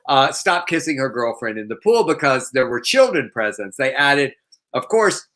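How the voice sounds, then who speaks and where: Man, slightly high pitch, bright tense voice, animated storyteller, co-host. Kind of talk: casual news chat.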